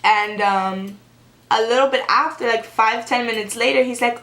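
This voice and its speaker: A young woman vlogger telling a story in a casual, animated, sarcastic way, filling her talk with "like.". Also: on the high side, normal speed. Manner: animated and sarcastic, heavy use of "like". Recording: echoey room.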